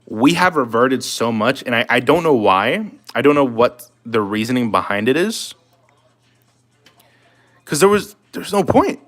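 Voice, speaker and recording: His voice mid-range and fairly bright, a man keeps up a loose, chatty conversation with his live stream chat, fielding comments while he works on his drawing.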